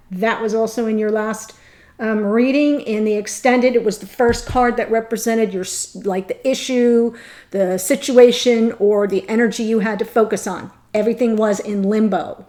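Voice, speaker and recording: Woman, tarot reader, slightly high voice, earnest, thinking aloud, speaks to viewers. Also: a little mellow. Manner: earnest, thinking aloud, pauses between phrases; addresses viewers directly. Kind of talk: tarot reading monologue.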